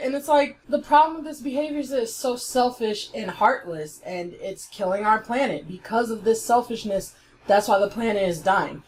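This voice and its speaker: A woman's voice: fairly high pitch, expressive, normal speed, a little hiss or hum. A woman giving a heated, blunt commentary, swearing freely as she picks apart an online argument. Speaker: YouTube commentator. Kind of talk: ranting commentary.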